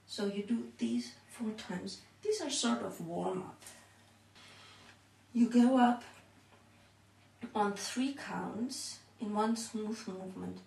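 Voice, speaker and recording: Slow-counting woman, a bit breathless. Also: medium pitch, gravelly, a little mellow. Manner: slow, counting out repetitions while exercising. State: a little out of breath. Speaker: home exercise instructor. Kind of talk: counting through a workout demonstration. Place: room at home. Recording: echoey room, mic far off.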